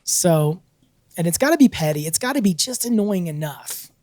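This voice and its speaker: A man's voice: high-pitched, normal speed, dry recording. A man co-hosting a podcast, telling a story casually, laughing often and acting out what people said. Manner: animated, laughs often, acts out quotes. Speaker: podcast co-host.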